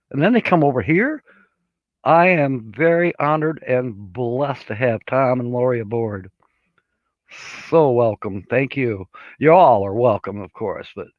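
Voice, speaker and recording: The audio is dull and lo-fi, captured in a dry room, as a man with a mid-range voice chats on a casual live stream. He meanders along at a slow, easygoing pace, full of fillers, while reading viewer comments.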